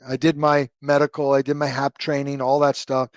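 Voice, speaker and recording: A man's voice: mid-range voice, completely flat delivery, fairly quick, dry recording. A middle-aged man and retired army officer telling stories in an interview, rambling and full of fillers and tag questions. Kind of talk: conversational storytelling interview.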